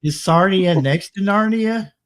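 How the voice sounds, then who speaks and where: A man co-hosting a live chat, asking slow drawn-out jokey questions. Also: high-pitched. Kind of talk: casual chat.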